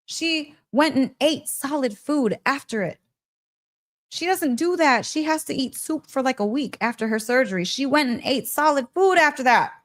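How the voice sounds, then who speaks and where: A woman hosting a podcast, telling a story in an excitable, emphatic way, repeating phrases and laughing often. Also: high-pitched, normal speed. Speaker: podcast host. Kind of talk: animated storytelling monologue.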